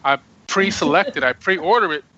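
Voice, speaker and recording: A man's voice: high-pitched, expressive, moderate pace, bright, forceful tone. A man speaking as a guest on a radio interview, earnest and emphatic. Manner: earnest, emphatic, preaching self-empowerment. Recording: dull lo-fi radio audio.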